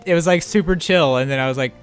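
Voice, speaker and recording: A man's voice: fairly high pitch, quick pace. Laid-back swearing man over game music. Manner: laid-back, swears freely, laughs often. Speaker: let's play co-host. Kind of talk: casual gameplay chat.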